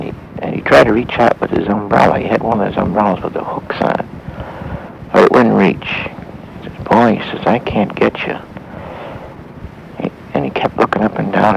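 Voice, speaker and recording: A man telling a Christian story in a halting way, with pauses and restarts. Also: fairly low pitch, gravelly, a little hiss or hum, poor audio. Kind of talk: spoken Christian story for listeners.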